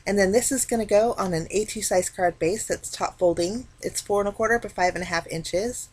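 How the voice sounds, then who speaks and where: A woman talking casually through a card-making tutorial, explaining each step in a relaxed, chatty way. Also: mid-range voice, a little fast, breathy edge. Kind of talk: casual craft tutorial narration.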